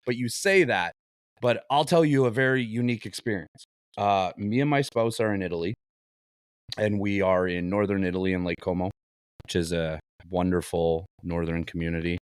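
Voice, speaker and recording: Brief: man, podcast co-host, lowish voice, dry close mic, lively storyteller. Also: normal speed, clear, resonant tone, no room sound. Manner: animated anecdotes, swears, laughs. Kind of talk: casual podcast chat and storytelling.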